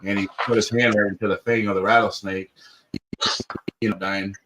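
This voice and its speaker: A man with a very low voice chats casually on a livestream. He rambles through his stories and scatters loose fillers throughout. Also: level tone, normal speed, a bit bright, poor audio. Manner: rambling, with many fillers like "or whatever". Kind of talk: casual chat.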